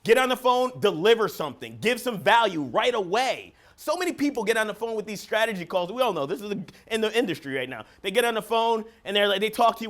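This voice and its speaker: A man giving an energetic, emphatic motivational talk as a coach at a live seminar. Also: sits high, fast, hardly any pauses. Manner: energetic, emphatic, acts out phone calls. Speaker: business coach and seminar speaker. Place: seminar room with live audience.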